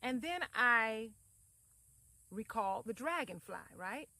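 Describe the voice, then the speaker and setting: A woman's voice: on the high side, expressive, slow, pushed and bright, dry recording, poor audio. A woman, likely in her thirties, vlogging from home in a loose, rambling, heartfelt way, calling her viewers fam. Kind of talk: casual reflective talk to camera.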